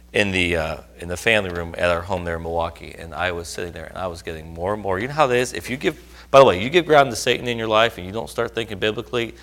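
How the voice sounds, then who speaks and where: A man's voice: deep voice, a bit bright. A middle-aged man preaching, telling a personal story earnestly and rising to emphatic outbursts. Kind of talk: sermon testimony.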